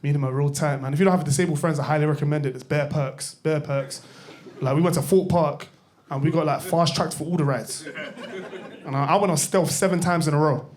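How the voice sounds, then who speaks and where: A young comic on a club stage, rattling through his stories at a quick clip in a fairly high voice. His delivery is loose and slangy, full of self-mocking asides. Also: steady tone, a little mellow. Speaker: stand-up comedian. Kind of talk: stand-up comedy set.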